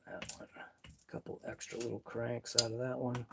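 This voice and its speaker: A man's voice: mid-range voice, flat delivery, moderate pace, vocal fry, very noisy. A man hosting a live RC car workshop stream, thinking aloud as he wrenches in his garage. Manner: muttering thoughts aloud as he works. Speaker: RC hobby channel host.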